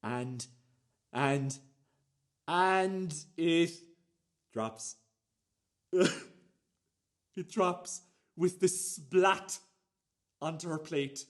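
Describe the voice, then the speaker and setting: A man's voice: on the high side, very slow, long pauses. A young man playing a cocky youth in a student radio play monologue, swearing, rambling and dropping to a near-whisper. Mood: smug. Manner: swearing, rambling, drops to near-whisper, laughs mid-sentence. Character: cocky young man boasting about a dinner date.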